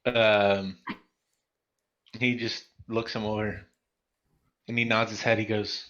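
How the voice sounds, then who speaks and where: A man's voice: lowish voice, flat delivery, slow, a bit bright, muffled recording. A man playing a tabletop game, joking and self-conscious, stumbling through his character's lines. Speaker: player.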